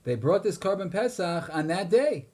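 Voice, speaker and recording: A man's voice: high-pitched, lively intonation, normal speed, dark tone. Emphatic man giving a Torah lecture. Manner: questioning, emphatic, chants Hebrew verses. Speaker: rabbi teaching Torah.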